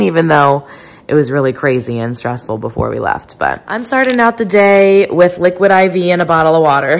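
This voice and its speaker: A woman with a stuffy nose from a cold, chatting casually in her own vlog. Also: deep voice. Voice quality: nasal. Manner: chatty, upbeat, many fillers. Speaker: vlogger.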